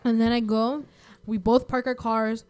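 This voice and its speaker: A young woman telling a rambling, animated story in casual chat. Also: a little high, moderate pace, smooth. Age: young adult.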